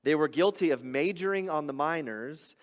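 A man preaching a sermon as a pastor, explaining scripture in a conversational, animated way that builds to loud emphasis. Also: fairly high pitch, moderate pace, long reverb tail.

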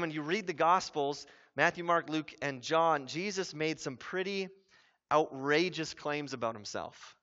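A man with a high, bright, forceful voice preaches a sermon in a chatty, everyday manner. He swells to loud emphasis to drive his points home. The sound is a little dull and lo-fi. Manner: conversational, grows emphatic and loud when stressing points. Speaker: pastor.

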